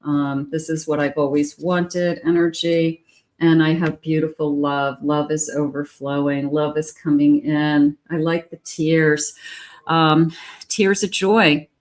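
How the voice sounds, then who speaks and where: Low-voiced woman reading tarot cards. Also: level tone, slow pace. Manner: gentle, chatty, many fillers. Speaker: tarot reader.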